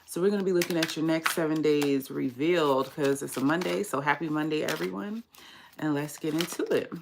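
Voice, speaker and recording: A woman from the United States chats her way through a laid-back card reading. Her voice sits very low with a heavy gravelly fry. She talks in a relaxed, fairly monotone morning way, casual and unhurried. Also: background noise. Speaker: tarot card reader.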